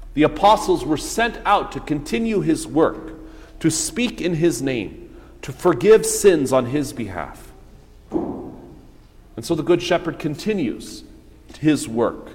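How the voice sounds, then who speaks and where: Male pastor, slightly high voice, deliberate sermon delivery, long reverb tail. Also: a little mellow. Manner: measured preaching with rhetorical questions.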